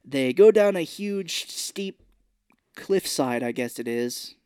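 Guy on a podcast recapping a movie, slightly high voice, dry close sound. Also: animated, takes it slowly, darkish tone, clean tone, no echo. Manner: retells scenes, acting out characters' lines. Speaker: podcast co-host. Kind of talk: casual movie recap chat.

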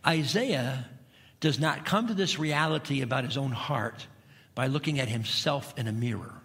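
A man's voice: mid-range voice, normal speed, a bit bright, big-room sound. A middle-aged male pastor preaching a sermon in a church, emphatic, with repeated phrases and rhetorical questions. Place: church sanctuary.

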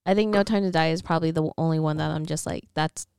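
A woman's voice: deep voice, fairly even intonation, fast talker, gravelly, darkish tone, clean tone, dry recording, clean studio sound. A woman co-hosting a casual podcast chat, wry and joking. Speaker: podcast co-host.

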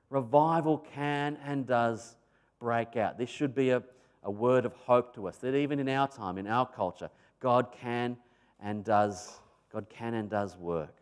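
Animated Australian male preacher. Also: medium pitch. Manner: animated storytelling, swings between loud emphasis and soft asides. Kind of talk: sermon.

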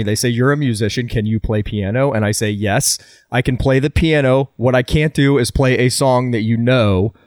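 A man co-hosting a casual podcast chat, telling stories with dry, deadpan jokes. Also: medium pitch, no room sound. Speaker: podcast co-host.

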